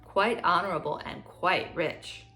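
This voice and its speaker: A woman voicing a cunning talking cat who flatters royalty in a courtly, scheming way, for a children's storybook reading. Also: lowish voice, measured pace.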